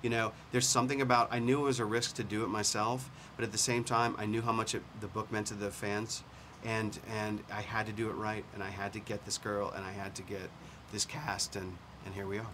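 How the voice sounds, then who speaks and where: Middle-aged director, earnest and halting, low-ish voice, noisy background. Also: male voice, little pitch movement. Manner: earnest, halting with restarts, laughs easily. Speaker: film director and screenwriter. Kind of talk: casual press-junket chat. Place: hotel room at a press junket. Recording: noisy room ambience.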